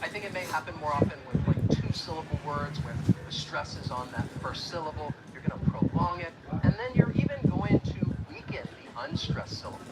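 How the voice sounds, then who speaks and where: Animated Southern US man teaching accent. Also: fairly high pitch, gravelly, heavy background noise. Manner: explains slowly, demonstrates drawn-out Southern vowels. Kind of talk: recorded accent lesson.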